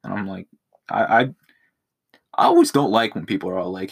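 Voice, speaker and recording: Alone in his room, a young man runs a casual podcast monologue captured on his phone, full of profanity and jokes at his own expense. He speaks low with vocal fry, at a normal rate, and often stops to pause.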